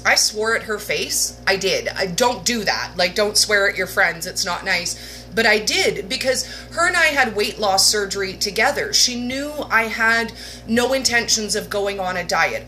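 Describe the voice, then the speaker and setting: A woman hosting a livestream, telling a personal story in a casual, animated way with laughs and mock-dramatic asides. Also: mid-range voice. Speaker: livestream host. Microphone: webcam or phone livestream.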